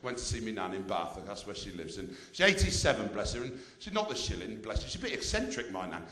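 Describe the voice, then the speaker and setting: Cheeky male stand-up, lively voice. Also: on the low side, fast. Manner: cheeky banter with the audience. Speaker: stand-up comedian. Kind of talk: stand-up comedy. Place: theatre stage. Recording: echoey theatre stage.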